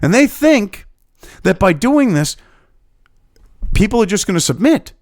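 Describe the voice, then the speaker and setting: A man's voice: high voice, sing-song, measured pace, no echo, studio quality. A man from New Hampshire giving angry, sarcastic, profanity-laden political commentary.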